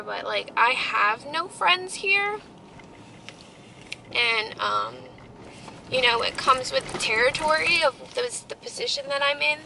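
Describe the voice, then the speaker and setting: A woman's voice: high-pitched, vocal fry, pushed and bright, slight background noise, low-quality recording. A young woman telling a heartfelt story in a casual family vlog, rambling with many fillers. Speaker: family vlogger.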